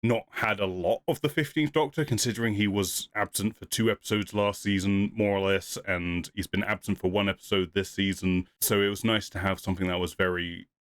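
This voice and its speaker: Young male podcast co-host, low-pitched, rambling and playful, dry close sound. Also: fairly even intonation, brisk, few pauses, no echo. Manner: rambling, laughs often, acts out quotes. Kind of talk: casual review chat.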